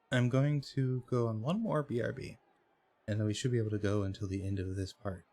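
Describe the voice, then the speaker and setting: A man's voice: lowish voice, fairly even intonation, a little fast, dark tone. A man hosting a let's play, reading the game's story text aloud with hesitations and frequent self-corrections. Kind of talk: reading game text aloud while playing.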